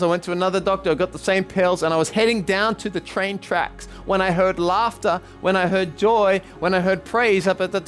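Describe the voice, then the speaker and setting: A man preaching as a pastor, telling a testimony and leading prayer in an earnest, halting way with many ums. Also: high-pitched, fairly bright tone. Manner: earnest, repeats himself, frequent ums. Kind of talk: sermon with retold testimony and prayer.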